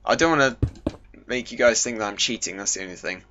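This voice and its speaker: A young man casually commentating his gameplay, goofy and chatty, joking with himself. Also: fast. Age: young adult. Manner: chatty and goofy, jokes to himself, lively pitch jumps. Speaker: gaming YouTuber. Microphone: desk microphone. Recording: dull home mic with faint hiss.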